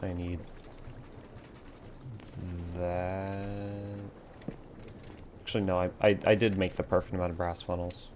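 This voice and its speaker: A man streaming a game from a warm room at home, muttering to himself as he builds and chatting with viewers. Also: low voice, little pitch movement, a little slow, long pauses, noisy background. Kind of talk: casual live-stream chatter while playing.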